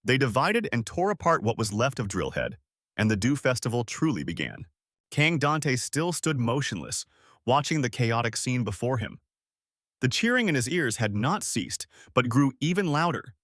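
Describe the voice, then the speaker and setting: Animated male narrator of a comic recap. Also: medium pitch, normal speed, dry recording, clean studio sound. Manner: animated storytelling. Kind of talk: scripted narration.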